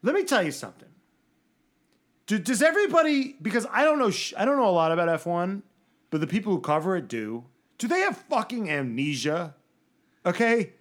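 Animated, swearing podcast co-host, high voice. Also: male voice, fairly quick. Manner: animated, swearing, mocking impressions. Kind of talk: casual chat.

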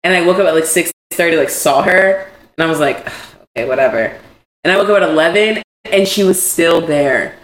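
Candid young woman, lowish voice. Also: normal speed, few pauses. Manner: candid, swears freely, animated storytelling. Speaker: podcast co-host. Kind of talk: casual chat. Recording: echoey room, faint background noise.

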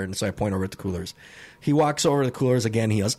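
A young man cohosting a podcast, telling a story in a loose, swearing, laughing way and shouting out the lines he quotes. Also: medium pitch, very fast. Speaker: podcast co-host. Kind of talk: casual storytelling chat.

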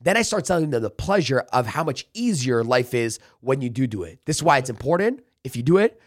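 A man's voice: medium pitch, very animated, a little fast, no echo, clean studio sound. A man talking as a sales trainer in a casual podcast interview, emphatic and coaching, acting out pep talks. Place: office.

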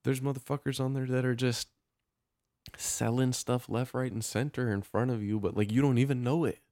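A man's voice: medium pitch, fairly even intonation, moderate pace, warm tone, no echo, studio quality. A young man co-hosting a casual podcast, laid-back and swearing, calling his friend dude. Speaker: podcast co-host.

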